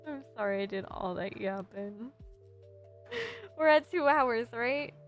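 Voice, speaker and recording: A woman's voice: fairly high pitch, big pitch swings, takes it slowly, soft background music. A young adult woman streaming casually as a VTuber, rambling and giggling while reviewing designs. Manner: rambling, giggly, self-deprecating. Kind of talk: casual livestream chat.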